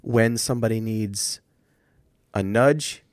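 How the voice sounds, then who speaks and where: A man's voice: lowish voice, takes it slowly, no echo, clean studio sound. A man co-hosting a podcast, telling coaching stories in casual chat with thoughtful restarts. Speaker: podcast co-host.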